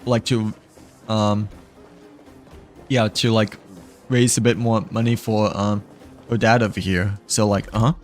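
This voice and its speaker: A man's voice: fairly low pitch, flat delivery, a little slow, long pauses, soft background music. A man giving casual gameplay commentary, rambling with many fillers and little chuckles. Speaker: gamer.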